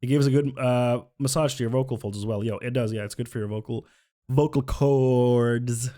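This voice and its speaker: A man's voice: mid-range voice, fairly even intonation, normal speed, dark tone. A young man livestreaming, chatting casually in a rambling, joking way that often breaks off mid-sentence. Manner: rambling, self-interrupting, joking. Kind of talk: casual chat.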